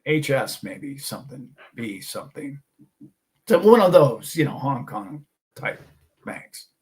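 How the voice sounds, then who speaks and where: A man's voice: medium pitch, sing-song, unhurried. A man hosting a casual monologue, talking in an emphatic, preachy way and mocking his doubters. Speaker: host.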